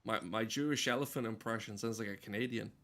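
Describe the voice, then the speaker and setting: A man's voice: on the low side, fast, fairly bright tone. A man giving comedic let's-play commentary, rambling with absurd jokes and asides as he plays. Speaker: gameplay commentator.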